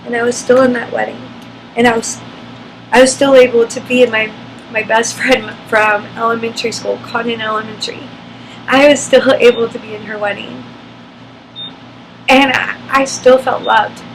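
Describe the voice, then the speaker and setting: Woman vlogger, gravelly, slightly high voice, candid and emotional storytelling, air conditioner hum behind. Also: level tone, moderate pace, rough recording. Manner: emotional, candid, frequent fillers. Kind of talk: personal storytelling to camera.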